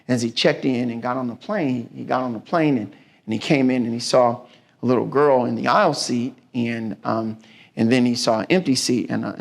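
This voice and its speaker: A man's voice: medium pitch, vocal fry. A man giving a folksy, preacherly motivational talk with stories at a business mixer. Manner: folksy, preacherly, acts out story voices.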